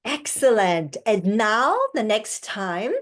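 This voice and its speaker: A woman voice coach teaching an online class, speaking slowly and encouragingly as she demonstrates breathing and tones over a video call. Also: mid-range voice, expressive.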